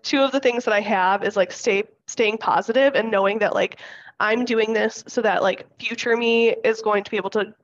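A woman's voice: medium pitch, fairly even intonation, normal speed. A young woman co-hosting a podcast, chatting casually with many fillers. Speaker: podcast co-host. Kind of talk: casual chat. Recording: slightly dull lo-fi sound.

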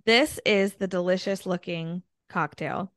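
A woman's voice: on the low side, measured pace, fairly bright tone, no echo, clean studio sound. A young woman co-hosting a casual podcast with her mother, playful and teasing, laughing often. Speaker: podcast co-host. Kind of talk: casual chat.

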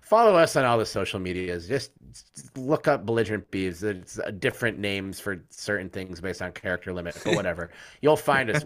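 A man's voice: fairly low pitch, lively intonation, brisk, fairly bright tone. A man hosting a college sports fan podcast, signing off in a loose, joking way with lots of fillers and cursing. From United States. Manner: rambling, joking, swears freely, many fillers. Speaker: podcast host.

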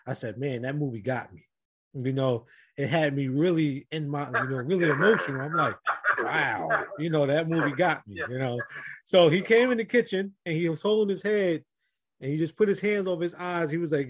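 Here is a man sharing a story on a relaxed group podcast, his voice sitting a little high for a man. He talks earnestly and keeps turning to address the others in the room. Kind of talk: casual group podcast chat.

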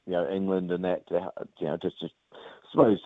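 A man with a New Zealand accent, a rugby player chatting casually in an interview, relaxed with lots of fillers. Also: sits low, brisk, dry recording. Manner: relaxed, many fillers, says mate often. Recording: tinny phone line, dry.

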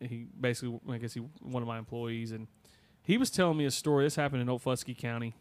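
A man's voice: mid-range voice, steady tone, fast talker, a little mellow. Rambling man telling a spooky story. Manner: rambling, many fillers and restarts. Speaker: podcast co-host. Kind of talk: casual storytelling.

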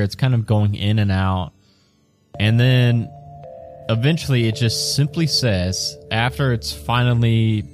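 A man's voice: mid-range voice, a little mellow. A man narrating a tabletop game as game master in a descriptive way, breaking into laughter now and then. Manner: descriptive, laughs between lines.

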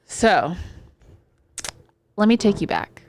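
A woman co-hosting a podcast, telling a work story in casual chat, animated and profane. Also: medium pitch, slow pace, a crowd in the background. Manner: animated, profane, acts out quoted voices. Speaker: podcast co-host, therapist.

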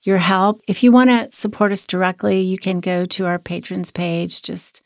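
Hoarse woman podcast host. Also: fairly low pitch, level tone, normal speed, no room sound, clean studio sound. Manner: earnest, reflective, many restarts. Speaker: podcast co-host, sex therapist. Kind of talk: casual podcast chat.

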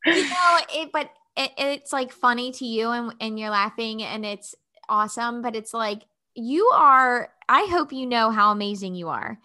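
A woman's voice: a little high, moderate pace, pushed and bright. A woman hosting a casual interview podcast, gushing and rambling with lots of "like". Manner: gushing, rambling, says "like" a lot. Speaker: podcast host.

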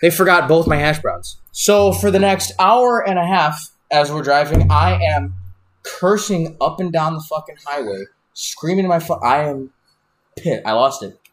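A young man, a wrestler on a podcast, telling a road story in a profane, animated, rambling way with lots of restarts. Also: on the high side, a little slow. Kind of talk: casual storytelling.

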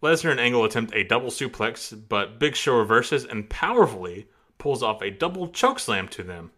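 A man's voice: mid-range voice, sing-song, brisk, pushed and bright. A man on a casual podcast reading a match recap play by play, often breaking into laughs.

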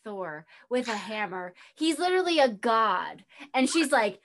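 A woman's voice: fairly high pitch, sing-song, measured pace. A woman in a casual podcast chat, blunt and profane as she rants.

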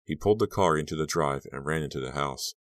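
A man narrating a teen horror novel, with measured, brooding storytelling into a close mic. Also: a bass voice, fairly bright tone, no room sound. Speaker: audiobook narrator. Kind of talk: scripted narration.

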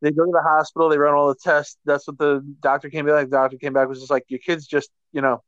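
A man's voice: on the high side, little pitch movement, fast talker, fairly bright tone, dull audio, slight background noise. A man in casual chat, joking and riffing on his co-host's stories.

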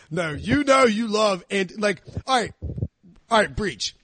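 A man's voice: high voice, animated, takes it slowly, fairly bright tone. Joking male sports podcast host. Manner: joking, teasing co-hosts. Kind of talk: casual sports podcast chat.

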